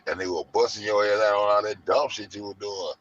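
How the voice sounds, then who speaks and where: A man, ranting loud and profane to his online audience in heavy slang. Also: fairly low pitch, steady tone, a little fast, no room sound. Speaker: show host. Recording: muffled lo-fi audio.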